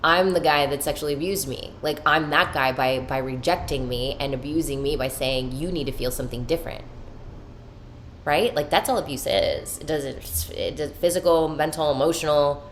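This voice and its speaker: Speaking at normal speed with few pauses, a low-pitched woman hosts a podcast amid slight background noise. Her candid monologue is emotional and personal, full of free swearing and spiritual self-help talk about her inner life.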